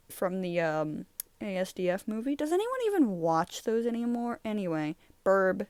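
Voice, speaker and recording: This YouTuber's voice is mid-range, very animated and a little mellow, with a clear, resonant tone and no echo, at a moderate pace. The young woman chats casually while going through her old drawings, rambling, giggling and easily sidetracked.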